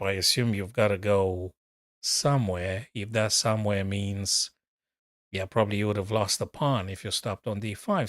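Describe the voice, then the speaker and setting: A man's voice: on the low side, a bit bright, no room sound, studio quality. A man, a chess coach, giving casual live commentary on a game, chatty and thinking aloud as he talks to his viewers.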